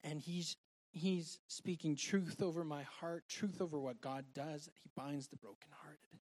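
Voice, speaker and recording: A man preaching a sermon and sharing a personal testimony, earnest and heartfelt, moving between loud and soft delivery. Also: on the high side, fairly even intonation, a little slow.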